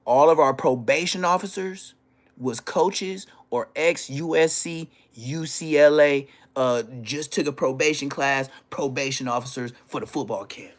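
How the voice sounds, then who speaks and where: A man telling profane, animated stories from his school days on a casual livestream, laughing as he goes. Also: a little high, measured pace. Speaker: livestream host. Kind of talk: casual storytelling.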